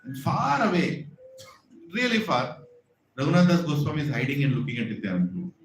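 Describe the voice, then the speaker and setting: A man's voice: a little high, lively intonation, fairly quick, slight background noise. Man telling a devotional story. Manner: storytelling, acts out voices, often asks "right?". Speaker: preacher telling a sacred story. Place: temple hall. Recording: echoey hall with faint ambience.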